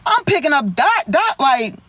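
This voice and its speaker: A young woman telling a story in a vlog, animated, slangy and full of swearing. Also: high voice, normal speed.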